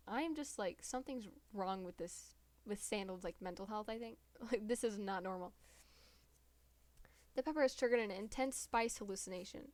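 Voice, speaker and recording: A woman's voice: mid-range voice, dry recording. A woman streamer reading a dating-sim game's text aloud and breaking off into giggling asides.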